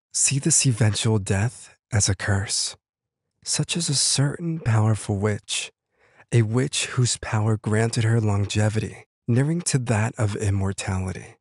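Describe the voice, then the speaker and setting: A man with a lowish voice narrates a scripted mythic legend. His delivery is slow and measured, like a storyteller's. The recording is dry and close, with no room sound. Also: a little mellow, no echo. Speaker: narrator of a lore video.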